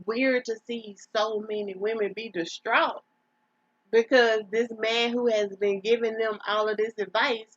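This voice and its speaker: A woman co-hosts a podcast, chatting casually and telling stories with animation while acting out the voices of the people she quotes. Her voice is a little high and a little slow, with no echo and lo-fi sound.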